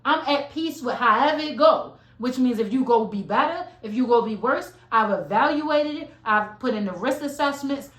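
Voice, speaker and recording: Female podcast co-host, slightly high voice, blunt and firm delivery, echoey room. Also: animated, normal speed, hardly any pauses. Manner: firm, matter-of-fact, blunt. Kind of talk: casual podcast chat.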